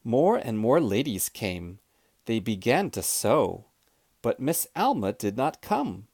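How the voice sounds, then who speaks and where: A man reading a children's storybook aloud, clear, expressive and deliberate. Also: medium pitch, dry recording. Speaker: storybook reader.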